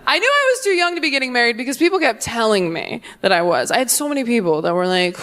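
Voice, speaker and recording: On stage before a laughing audience, a woman in her twenties performs stand-up, animatedly acting out quoted voices. She has a fairly high pitch and talks fast.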